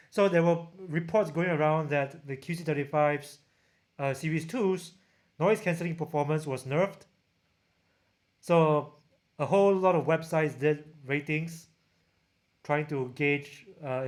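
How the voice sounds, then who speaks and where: This tech reviewer, who has a Singaporean accent, chats casually with his livestream viewers and reads their comments out loud. His voice is slightly high, and he frequently breaks off, restarts and corrects himself mid-sentence. He's recorded on a camera-mounted shotgun mic.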